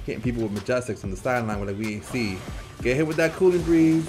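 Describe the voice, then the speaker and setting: A man giving live gameplay commentary as a channel host, in an animated, playful trash-talking way with frequent laughter. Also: medium pitch, quick pace, music in the background.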